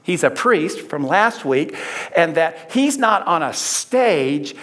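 A man's voice: on the high side, sing-song, takes it slowly, fairly bright tone. A middle-aged man preaching a conversational sermon, repeating phrases for emphasis. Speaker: pastor.

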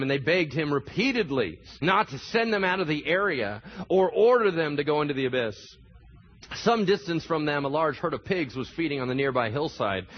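Animated pastor preaching, husky voice. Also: male voice, a little high, muffled recording. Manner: animated, acts out voices in the story. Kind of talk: sermon.

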